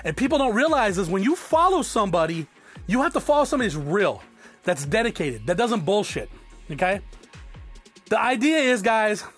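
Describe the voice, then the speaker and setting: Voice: mid-range voice, sing-song, normal speed, faint music behind. A podcast host and business owner giving a blunt, profane solo monologue, often checking in with the listener by asking "okay?".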